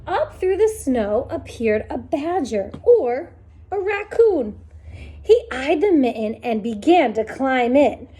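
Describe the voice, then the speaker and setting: A woman reading a children's picture book aloud, with a high voice that leaps up and down in pitch. She plays up the story with sound effects and an animated delivery. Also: slow pace, breathy edge. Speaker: storytime reader.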